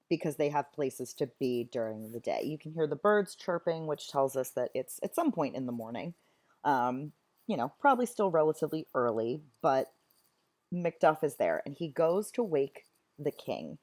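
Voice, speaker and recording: A woman's voice: low voice, warm tone. A woman teacher explaining a play in a chatty, enthusiastic way. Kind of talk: recorded literature lesson.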